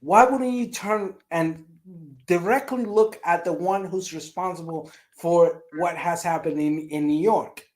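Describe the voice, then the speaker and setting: A man's voice: high-pitched, measured pace. A man on a casual panel, telling a story and pressing pointed rhetorical questions.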